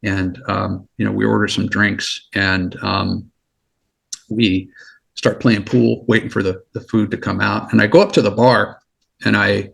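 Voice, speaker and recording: A middle-aged man, a former federal agent, telling stories as a guest in a casual interview, animated and laughing often, with stumbles and repeated words. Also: on the low side, measured pace, creaky, husky. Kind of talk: casual storytelling.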